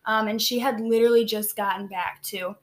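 A teenage girl telling a story in casual chat, talking quickly with lots of "like" and acting out the quoted lines. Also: fairly high pitch, steady tone. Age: teens. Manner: chatty, heavy use of "like", acts out quoted lines.

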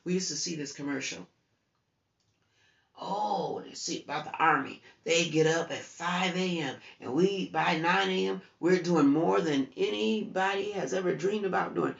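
A woman's voice: lowish voice, moderate pace, vocal fry. A woman from the United States preaching informally in a conversational, urging way while she has the hiccups and keeps yawning. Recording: roomy, distant, dull sound.

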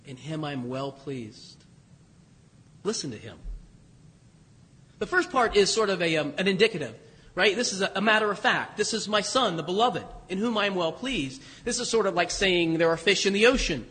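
A man's voice: high-pitched, animated, brisk, pushed and bright, husky. A man, a priest, giving a sermon in a conversational, self-deprecating way with asides. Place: church. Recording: long church reverb.

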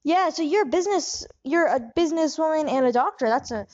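Woman host, puzzled interviewer, improv comedy, high voice, muffled lo-fi recording. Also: expressive, brisk, darkish tone. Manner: puzzled, keeps asking questions.

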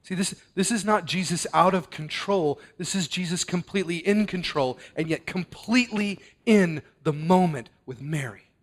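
A man preaching a sermon with earnest, deliberate delivery and dramatic emphasis. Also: sits high.

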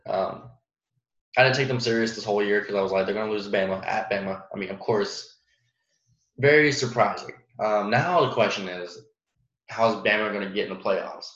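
A man's voice: on the low side, moderate pace, fairly bright tone. A young man hosting a casual solo sports podcast, rambling with lots of fillers and restarts and laughing at his own jokes. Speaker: podcast host. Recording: roomy, muffled home recording.

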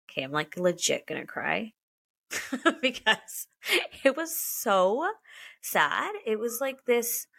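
A woman co-hosting a podcast in casual chat, candid and quick to get emotional, swearing freely. Her voice is bright and gravelly with plenty of fry, and she takes her time. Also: fairly high pitch, very animated. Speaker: podcast co-host.

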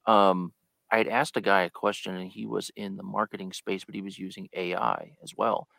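A man's voice: sits low, steady tone, moderate pace, creaky, fairly bright tone, no echo. A man chatting as a guest on a live podcast, telling a story and acting out the lines he quotes. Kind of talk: casual live podcast chat.

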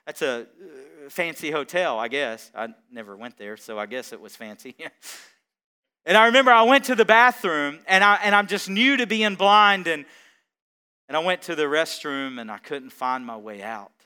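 A man's voice: on the high side, animated, moderate pace, bright, forceful tone, clear, resonant tone. A man preaching a sermon as pastor, building to emphatic repeated phrases and chuckling between points.

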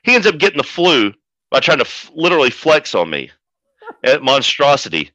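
Profane storytelling wrestling manager, bright voice. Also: male voice, mid-range voice, very animated, fairly quick, dry recording. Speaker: wrestling manager, podcast guest. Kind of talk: casual storytelling. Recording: dull lo-fi audio.

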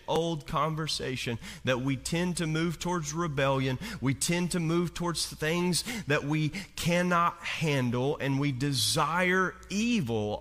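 Pastor, male, higher-pitched, conversational sermon delivery, acts out quotes, church hall reverb. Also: a bit bright. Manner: conversational preaching with rhetorical questions. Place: church sanctuary.

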